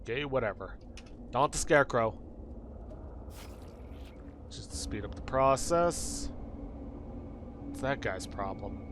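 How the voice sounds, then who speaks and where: A man's voice: medium pitch, expressive, takes it slowly, long pauses, background noise. A man hosting a let's play, giving dry, offhand gameplay commentary.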